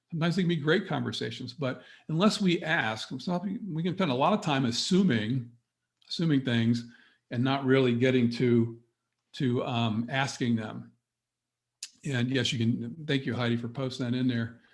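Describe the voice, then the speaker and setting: Upbeat motivational man hosting a webinar. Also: mid-range voice. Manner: energetic, motivational, speaks directly to the audience. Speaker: business coach presenting a webinar. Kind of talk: webinar presentation.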